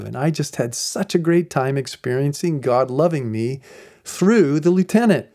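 A man's voice: a little high, normal speed. A middle-aged man who is a pastor, telling stories in a podcast and acting out the people in them. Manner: animated storyteller who acts out the people in his stories. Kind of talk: storytelling podcast talk.

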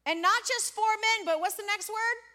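A woman's voice: extremely high pitch, moderate pace, pushed and bright. A woman preaching a sermon to a congregation, stretching out key words for dramatic emphasis and quizzing her listeners on the next word. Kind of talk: sermon with call-and-response questions. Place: church before a congregation.

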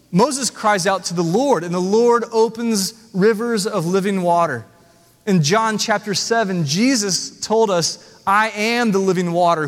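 A man's voice: high-pitched, big-room sound. A man preaching a sermon as the pastor, earnest and conversational, asking the congregation rhetorical questions. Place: church sanctuary.

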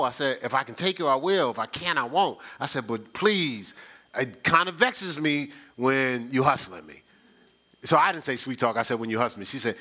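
A man's voice: medium pitch, fairly quick, bright, forceful tone. A man preaching a conversational sermon, telling stories in a folksy, chatty way and often repeating himself. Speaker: pastor. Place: church sanctuary.

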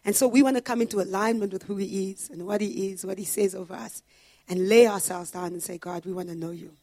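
A woman pastor preaching a sermon in an earnest way, building to loud, emphatic repetitions. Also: medium pitch, steady tone, fast talker, no room sound.

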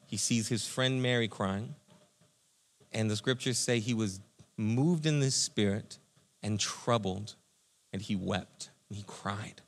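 A man pastor giving a conversational, energetic sermon, speaking to listeners as friends. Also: on the low side, takes it slowly.

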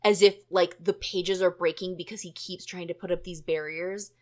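A woman hosting a podcast in casual chat, animated and chatty with plenty of fillers. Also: fairly low pitch, moderate pace. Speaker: podcast host.

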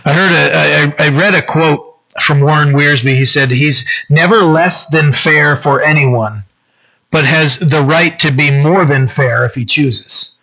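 A man's voice: on the high side, unhurried, gravelly, bright, forceful tone, muffled recording. A man preaching a conversational sermon as pastor, often asking "right?" and saying "you know". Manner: casual, peppers talk with "you know" and "right?".

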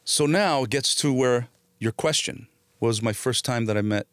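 A man, a guest on a podcast, tells his stories with energy and acts out the other people's lines. His voice sits at a middle pitch, recorded close and dry on a podcast mic. He swears casually as he talks. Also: moderate pace, no echo. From born in Italy, raised in New Jersey. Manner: animated storyteller, acts out quoted voices, swears freely. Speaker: guest actor. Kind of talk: storytelling in a podcast interview.

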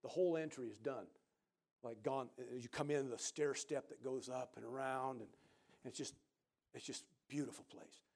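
A middle-aged man preaching to a congregation. He tells a personal story in a gravelly voice at an ordinary pitch. When he acts out what others said, he jumps up in pitch and volume. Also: moderate pace. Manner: animated storyteller who acts out quoted voices loudly. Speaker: pastor. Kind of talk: sermon storytelling.

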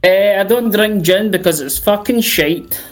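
A man's voice: high voice, unhurried. A Scottish man chatting as a guest on a stream, tipsy and sweary, rambling through jokes. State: tipsy from drinking. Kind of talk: casual chat.

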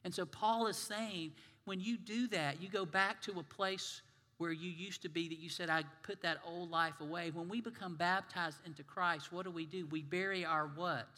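A male minister preaches in a church sanctuary, with a forceful voice pitched slightly high. He talks conversationally and puts questions to the congregation. A long church reverb follows his words. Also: fairly even intonation, normal speed. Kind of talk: sermon.

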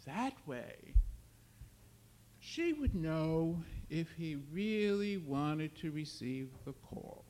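A man giving a slow, dramatic literary reading of his own fiction. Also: on the high side, lively intonation, darkish tone. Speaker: author reading his work.

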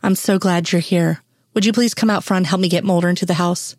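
A woman's voice: fairly low pitch, fairly even intonation, fast, dry recording, studio quality, natural voice. A woman reading a caring female agent. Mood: reassuring. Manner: warm, reassuring tone. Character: adult woman agent, caring, fond of partner. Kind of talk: reading fan fiction aloud.

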